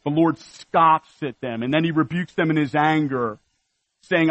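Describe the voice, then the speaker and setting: A man's voice: fairly high pitch, unhurried, fairly bright tone, no echo, low-quality recording. A man preaching a sermon, earnestly listing scripture references and exhorting his congregation. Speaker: pastor.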